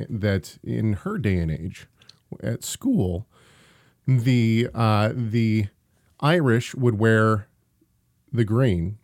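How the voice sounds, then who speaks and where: A man's voice: on the low side, a little mellow, dry recording, clean studio sound. A man co-hosting a casual talk show, rambling through announcements and banter with frequent restarts and easy laughter. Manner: rambling, self-correcting, laughs easily. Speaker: podcast co-host.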